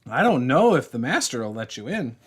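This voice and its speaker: A man voicing a small chatty plant creature in a high-pitched, squeaky voice. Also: big pitch swings, brisk, breathy edge.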